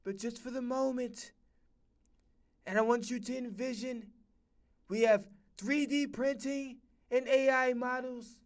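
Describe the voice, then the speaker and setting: A man voicing a male event host who pleads with a crowd to be quiet and introduces a performer in a mock-formal way. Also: very high voice, fairly even intonation, a little slow. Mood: mock solemn.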